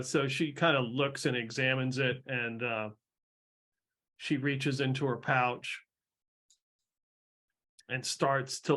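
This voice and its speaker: A man's voice: mid-range voice, fairly bright tone. A man narrating a tabletop game as game master, in a casual style full of fillers.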